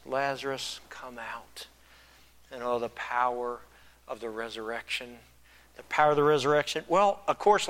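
Bright-voiced man preaching a sermon. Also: mid-range voice. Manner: builds from soft reflective to loud emphatic preaching. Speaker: pastor.

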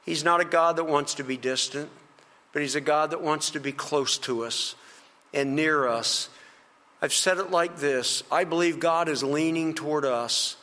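A man preaches a sermon in an earnest, gently encouraging way, leaning on slow, emphatic phrases. His voice sits a little high and rings bright and forceful. The sound carries a long reverb, like a church hall. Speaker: pastor.

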